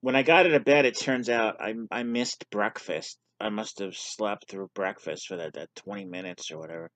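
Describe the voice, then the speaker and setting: Man, lowish voice, dry close sound, candid self-deprecating storytelling, casual vlog. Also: moderate pace, fairly bright tone, no room sound. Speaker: vlogger sharing his story.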